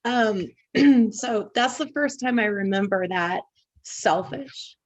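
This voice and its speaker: This podcast co-host, a woman from Indiana, speaks slowly in a fairly high voice. She reflects in casual conversation and tells long personal stories.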